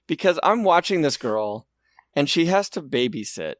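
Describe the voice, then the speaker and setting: A man's voice: fairly high pitch, big pitch swings, moderate pace, no echo, studio quality. A man co-hosting a podcast in casual chat, joking and swearing, often restarting his sentences. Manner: joking and profane, many restarts. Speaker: podcast co-host.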